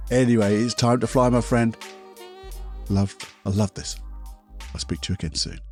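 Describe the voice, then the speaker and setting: A man's voice: lowish voice, moderate pace, darkish tone, soft background music. A man hosting a podcast as a hypnotherapist, talking in a passionate, casual motivational monologue, swearing now and then and repeating himself.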